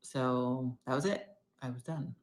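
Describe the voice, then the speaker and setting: A middle-aged woman talking candidly in a personal video diary, rambling and moving between loud bursts and near-whispers. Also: extremely low pitch, fairly even intonation, a little slow. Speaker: vlogger.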